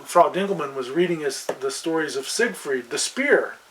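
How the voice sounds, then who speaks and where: A man with a slightly raised pitch chats casually, often chiming in with quick agreement. He adds his own points in a loose, conversational way. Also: expressive, a bit bright, slight background noise, rough recording. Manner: agreeable, with frequent short backchannels. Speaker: podcast co-host. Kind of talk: casual chat about fantasy games.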